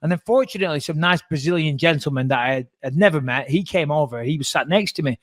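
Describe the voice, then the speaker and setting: Talking fast in a fairly high voice, a man co-hosting a podcast spins an animated, casual story, cursing freely and performing the voices of the people he quotes. The recording is dry.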